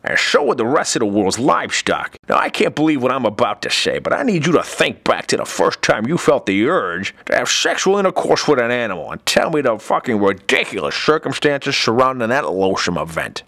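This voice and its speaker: A man's voice: mid-range voice, big pitch swings, brisk, vocal fry, few pauses, bright, forceful tone, no echo, studio quality, exaggerated voice. A man voicing an exasperated, foul-mouthed male cartoon therapist with a sarcastic delivery. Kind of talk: cartoon comedy voice acting.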